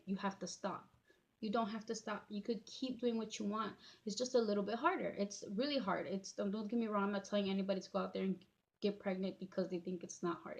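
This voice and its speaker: A woman in her thirties telling her own life story in a halting, emotional way, full of fillers and restarts, tearing up as she talks. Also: mid-range voice, creaky, a little mellow, muffled recording. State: tearful. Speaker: vlogger. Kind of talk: personal storytime.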